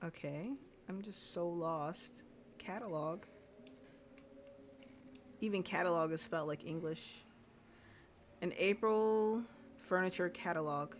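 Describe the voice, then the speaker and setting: A chatty woman streaming a game live, reading lines aloud and reacting with amused questions. She talks at a slow, unhurried pace, with faint noise underneath. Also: lowish voice.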